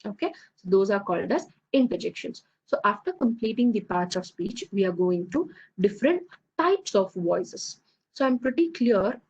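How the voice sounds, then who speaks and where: Husky-voiced woman teaching a class. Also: mid-range voice, very animated, moderate pace, a little mellow, lo-fi sound. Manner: explanatory, many fillers and checks like "okay, fine". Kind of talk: online class lecture.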